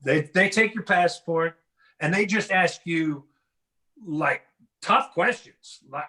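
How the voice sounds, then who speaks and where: A middle-aged man performs a stand-up set from his home, talking to the audience over a video call. His voice sits high and sounds bright and forward. He tells his jokes in a loose, chatty, self-deprecating way. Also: unhurried. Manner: conversational, self-deprecating joke delivery. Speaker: stand-up comedian. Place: home in a house.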